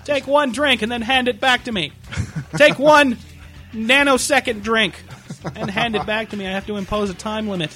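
A man's voice: sits high, moderate pace, bright, forceful tone, soft background music. A man co-hosting a casual podcast, telling profane stories with lots of laughter. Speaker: podcast co-host.

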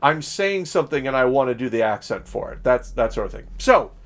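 This Southern Illinois man co-hosts a podcast, chatting casually and rambling with plenty of fillers, restarts, and self-corrections. He speaks a little fast at medium pitch, with big swings in pitch.

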